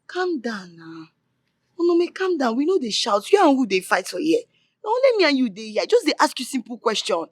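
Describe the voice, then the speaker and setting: An actor playing a man who calms the woman he protects, speaking Pidgin with a Nigerian accent. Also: very high voice, brisk, no echo, heavily acted. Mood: soothing. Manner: coaxing, soothing Pidgin speech. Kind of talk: film drama acting.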